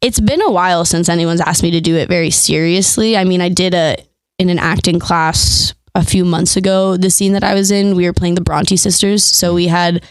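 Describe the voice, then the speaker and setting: A woman's voice: fairly low pitch, fairly even intonation, moderate pace, smooth, dry recording. A woman actor chatting as a podcast guest, casual and talkative with lots of fillers. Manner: chatty, laughs often, many fillers. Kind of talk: casual chat.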